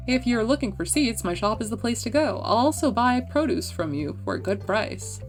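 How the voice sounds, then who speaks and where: A middle-aged village shopkeeper from a farming video game pitches his wares, as a woman streamer reads his lines aloud. The voice stays fairly high and close to her own. Faint music runs underneath. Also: expressive, moderate pace, natural voice. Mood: salesy.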